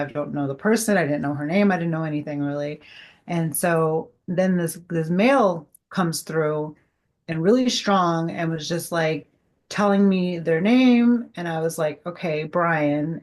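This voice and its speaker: A middle-aged woman, a guest medium, telling an animated personal story in casual chat and acting out the dialogue. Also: on the low side. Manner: animated, heavy use of "like", acts out quoted dialogue.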